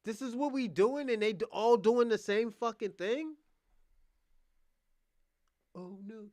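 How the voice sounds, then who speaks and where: A young adult man hosting a livestream, delivering a combative, profane rant that swings between loud outbursts and muttered asides. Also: extremely high pitch, takes it slowly, dry recording. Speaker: podcast host.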